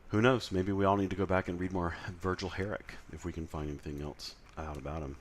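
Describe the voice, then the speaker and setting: A man's voice: low-pitched, level tone, fast talker, slight background noise. A man lecturing in a conversational way, with frequent fillers and self-corrections. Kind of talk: recorded lecture.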